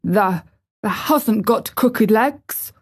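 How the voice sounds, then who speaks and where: A woman voicing a blunt, tactless old male gardener with a hoarse, quavering voice in a storybook reading. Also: medium pitch, lively intonation, extremely slow, full character voice.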